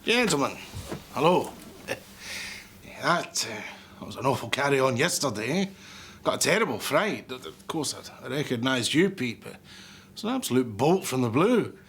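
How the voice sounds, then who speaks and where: A stammering Scottish bakery boss. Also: male voice, medium pitch, sing-song, normal speed, a bit bright, slight background noise. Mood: polite nervous. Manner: stammering, over-polite. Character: nervous polite male bakery owner.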